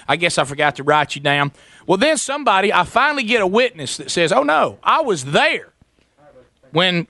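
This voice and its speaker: A man's voice: on the high side, bright, forceful tone, dry recording. A middle-aged man telling a story on a talk show, acting out both sides of the conversation. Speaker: radio show host.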